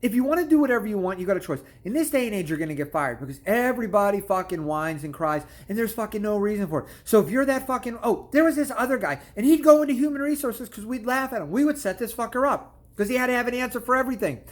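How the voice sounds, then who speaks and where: A man's voice: high voice, animated, fast. Blunt foul-mouthed man ranting. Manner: blunt, crude, swears constantly; storytelling with repeated "I'm like" asides. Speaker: channel host. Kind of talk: profane comedic rant to camera.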